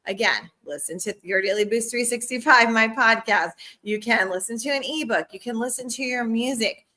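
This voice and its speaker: A woman's voice: fairly high pitch, moderate pace, bright, forceful tone. A woman leading a live-streamed sales training at home, upbeat and chatty, with a cough and frequent laughs.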